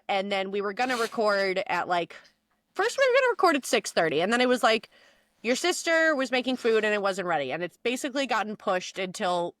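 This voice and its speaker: Bubbly young woman with a lively voice. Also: medium pitch, dry recording, studio quality. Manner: bubbly, playful, sidetracks. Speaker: podcast co-host. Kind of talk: casual chat.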